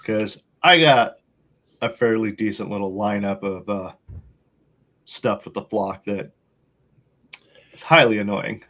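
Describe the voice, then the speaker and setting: A man's voice: on the low side, unhurried, pauses often, fairly bright tone. A man co-hosting a casual podcast, talking in a laid-back, rambling way with lots of fillers and a wry, sarcastic streak. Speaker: podcast co-host.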